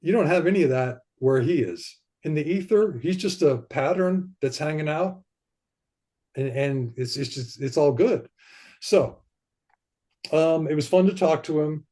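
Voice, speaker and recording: A man guesting on a podcast, with a somewhat high voice and a warm, mellow tone. He talks in a loose, rambling way, with lots of energy, and slips into other people's voices when he quotes them. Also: measured pace. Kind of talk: casual conversation.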